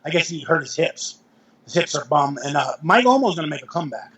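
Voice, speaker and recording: A man's voice: on the high side, big pitch swings, fairly quick, a bit bright, rough recording. A middle-aged man, a veteran powerlifter, telling rambling anecdotes as an interview guest, with self-corrections and chuckles. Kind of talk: casual storytelling interview.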